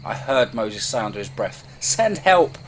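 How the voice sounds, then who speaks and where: A man putting on a terrified man in a spoken horror tale, fleeing through a dark forest and pleading in urgent bursts. His voice sits at an ordinary middle pitch. Faint crickets chirp behind him. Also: big pitch swings, measured pace, background noise.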